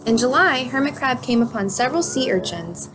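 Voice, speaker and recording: Woman reading a kids picture book, calm and clear, slightly high voice, faint hiss. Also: brisk. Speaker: storybook reader.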